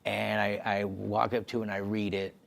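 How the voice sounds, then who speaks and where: A man sharing an emotional personal testimony, halting and restarting as he talks. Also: fairly low pitch, little pitch movement, vocal fry, fairly bright tone. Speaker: podcast host sharing his story. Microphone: on camera.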